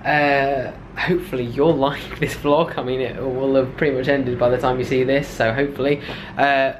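A man's voice: medium pitch, fairly even intonation, normal speed. A young man, chatting casually to the camera in an upbeat travel vlog, with lots of fillers. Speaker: vlogger. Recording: loud outdoor ambient noise.

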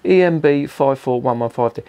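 A man's voice: mid-range voice, moderate pace, warm tone. A man reviewing a beer in a rambling, profane, exasperated rant. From England. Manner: swears constantly, rambling and exasperated.

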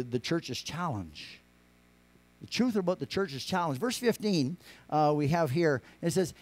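Man, preacher, sermon, slightly raised pitch, restarts, loud then quiet asides. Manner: rambling, with many restarts and fillers; swings from raised, emphatic lines to quiet, low asides. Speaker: pastor.

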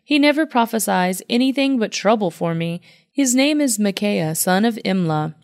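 A woman's voice: medium pitch, lively intonation, moderate pace, close to an everyday voice. A woman voicing King Ahab, a resentful and demanding male king, in a Bible reading with light emphasis.

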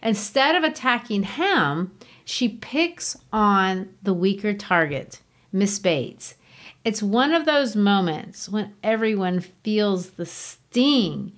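A woman hosts a literature podcast, explaining a novel scene by scene. She speaks earnestly and stresses her points, in a middle-pitched voice. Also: animated, slow pace. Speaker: podcast host. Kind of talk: literature discussion.

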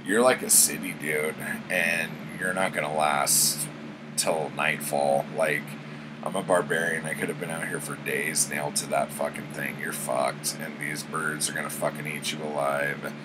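A man's voice: on the low side, fairly even intonation, slow, heavy background noise. A man voicing a brash, swaggering male barbarian warrior who talks crudely and swears, in a casual spoken retelling. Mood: cocky.

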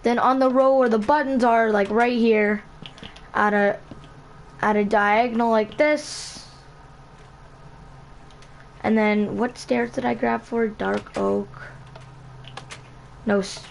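Brief: woman host, casual build tutorial, slow unhurried delivery, higher voice, stops to correct herself. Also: steady tone, creaky, slight background noise. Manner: halting, self-correcting, repeats item names. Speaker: channel host.

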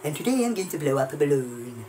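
A man from England voicing a mock-formal male show presenter, speaking slowly and stiffly. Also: on the high side, big pitch swings, dark tone, slight background noise.

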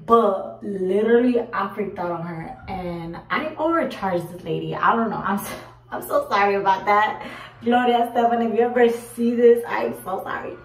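A woman's voice: medium pitch, normal speed. A young woman in her twenties telling a casual storytime, acting out what she and others said and swearing casually. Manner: animated, acts out her own quotes, swears casually. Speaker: vlogger. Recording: roomy echo, a bit far from the mic.

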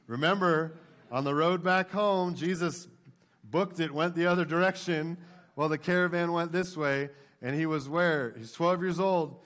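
A man in his thirties preaches in a church sanctuary, his voice sitting slightly higher than most men's. He talks conversationally, checking in with the congregation through frequent tag questions and telling stories animatedly. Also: moderate pace. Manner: animated storytelling. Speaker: pastor. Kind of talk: sermon.

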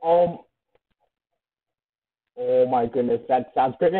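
Excitable gamer guy on a tinny line. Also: mid-range voice, slow, pauses often. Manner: excitable, shrieks and laughs while playing. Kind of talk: let's play commentary. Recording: tinny phone-like sound.

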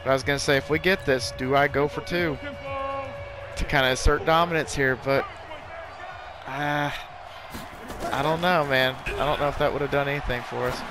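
A young man giving excitable live commentary while playing a football video game, full of exclamations and mild curses. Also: medium pitch, moderate pace, long pauses, music in the background, a crowd in the background. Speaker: gaming YouTuber.

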